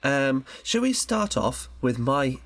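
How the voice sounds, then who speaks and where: Animated rambling man. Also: medium pitch, takes it slowly, no room sound. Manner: rambling, animated, lots of fillers. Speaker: podcast co-host. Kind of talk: casual film chat.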